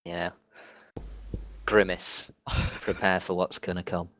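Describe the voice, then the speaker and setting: Guy with a really deep voice narrating his moves in a tabletop game, dry close sound. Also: level tone, takes it slowly, a bit bright, no echo. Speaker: player.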